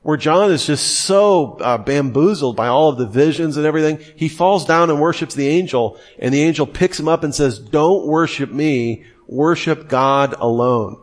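A man's voice: on the high side, brisk, hardly any pauses. Man teaching with emphatic asides. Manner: conversational, acts out quoted voices. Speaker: Christian apologetics teacher. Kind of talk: lively teaching talk.

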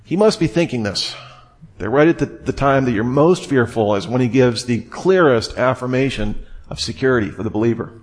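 A man giving expository Bible teaching, explaining a passage step by step and reading scripture aloud in a measured way. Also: mid-range voice.

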